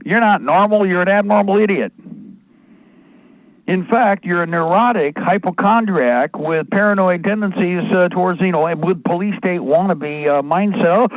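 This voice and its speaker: A man's voice: sits high, lively intonation, normal speed, dry recording. Angry ranting man, tinny phone-like sound. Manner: angry, rambling, profane ranting. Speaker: radio talk host. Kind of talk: live radio rant.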